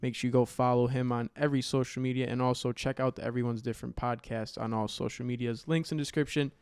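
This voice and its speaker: A young male podcast host, relaxed and slangy, tossing in "bro" casually. His mid-range voice is recorded close and dry in a studio, without any room sound. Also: medium pitch, fast, smooth, no echo. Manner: laid-back, slangy, says bro.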